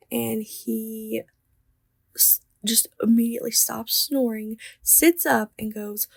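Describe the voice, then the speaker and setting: Slow, gravelly young woman telling a story. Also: on the high side, steady tone, no echo, studio quality. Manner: chatty, laughing, drops to whispers. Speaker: artist vlogger. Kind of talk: casual storytelling while sketching.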